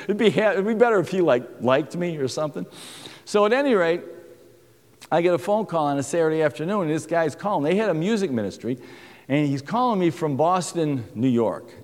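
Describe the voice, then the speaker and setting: A man's voice: fairly high pitch, lively intonation, fairly quick, a little mellow. A man telling a faith story as a sermon, acting out the dialogue and chuckling as he goes. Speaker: speaker giving a testimony talk. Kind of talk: sermon-style personal testimony. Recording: long reverb of a large hall.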